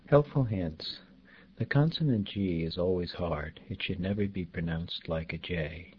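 A man teaching pronunciation in a slow, deliberate way, spelling out sounds and repeating example words. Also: sits low, slightly rough. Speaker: language teacher. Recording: dull lo-fi recording, faint background noise.

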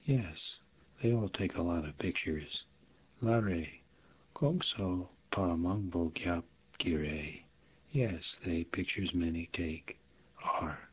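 A man reading a language lesson from a textbook in a soft, hushed voice that slips into whispers, patiently repeating each example phrase. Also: sits low, takes it slowly, husky, lo-fi sound.

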